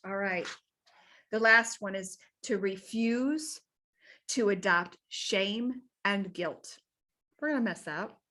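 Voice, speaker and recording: A woman health coach giving an energetic, folksy motivational talk. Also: mid-range voice, slow.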